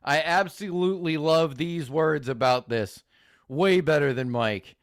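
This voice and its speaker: High-pitched guy reacting to clips on stream, slow and drawn out, cussing and hyped. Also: no room sound, clean studio sound. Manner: excitable, profane, mock-enthusiastic. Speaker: host reacting to videos. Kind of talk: live-stream reaction commentary.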